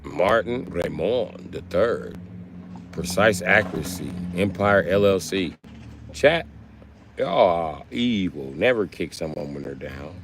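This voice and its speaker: A man's voice: lively intonation, slow pace, a little hiss or hum. Trash-talking man streaming to chat. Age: late 30s. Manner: trash-talking, mocking chat users with shouted high bits. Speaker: livestreamer reading chat. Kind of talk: casual livestream chat.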